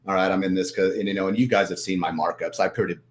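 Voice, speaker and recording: Low-voiced man, rambling. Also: steady tone, quick pace. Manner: rambling, acts out his own inner voice. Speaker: podcast guest, trader. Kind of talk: casual podcast chat.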